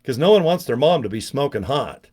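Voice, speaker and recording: Older male vlogger, 60s, loose digressive delivery with wisecracks and asides, average pitch. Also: big pitch swings, a little fast, darkish tone, husky. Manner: joking, digressive, self-mocking asides. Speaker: online business vlogger. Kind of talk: rambling casual monologue to camera.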